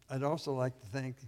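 A man from Texas preaching a sermon as a guest pastor, losing his voice, clearing his throat and pausing on fillers. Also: mid-range voice, warm tone, in a large hall.

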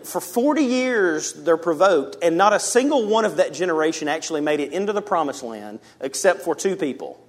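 A male pastor preaching a sermon in a casual, animated way, with big swings between loud high emphasis and low quiet asides. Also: breathy edge. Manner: addresses the congregation casually as guys.

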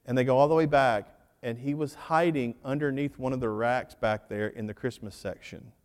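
A man's voice: mid-range voice, moderate pace. Male pastor in a reverberant church. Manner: conversational, joking storyteller addressing the congregation. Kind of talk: sermon. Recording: long hall reverb of a church.

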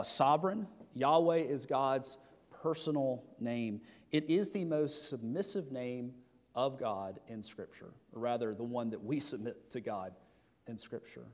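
The middle-aged pastor here has a mid-range, darkish voice, and long hall reverb surrounds his sermon. He speaks conversationally, using rhetorical questions and often starting his sentences over.

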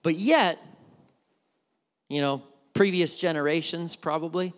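A man's voice: fairly high pitch, moderate pace, long reverb tail. A man preaching a sermon as a pastor, conversational, with frequent restarts and repeated words.

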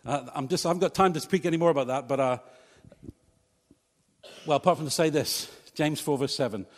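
In a church hall, a male pastor with a slightly high voice preaches a sermon fairly quickly, speaking conversationally and making humorous asides to the congregation. His voice trails off in a long reverb tail.

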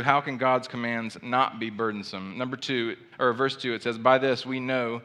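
A man delivering a sermon with a bright, forward tone. He talks conversationally, animated and full of asides, as if chatting with his congregation. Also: mid-range voice, clear, resonant tone. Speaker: pastor.

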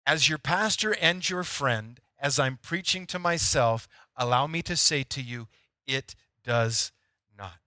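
A man's voice: medium pitch, a little slow, bright, forceful tone, no echo, studio quality. A man preaching a sermon as a pastor, emphatic and repeating key lines for effect.

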